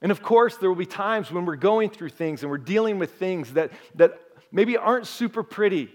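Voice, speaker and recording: Male pastor, high-ish voice, conversational sermon delivery, talks straight to the congregation. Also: animated, moderate pace.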